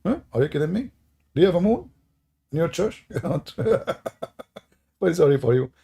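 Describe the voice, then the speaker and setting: Sarcastic guy ranting on a stream, gravelly low-key voice, keeps asking mocking questions. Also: big pitch swings, fast talker, dark tone. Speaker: online religious debate host. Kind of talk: mocking livestream commentary.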